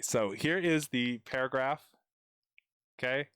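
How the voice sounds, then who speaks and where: On a live stream, a young man tutors grammar, working through a paragraph while joking around with viewers and speaking straight to the chat. His voice sits at a medium pitch, unhurried, smooth and slightly bright. The recording is dry and studio quality.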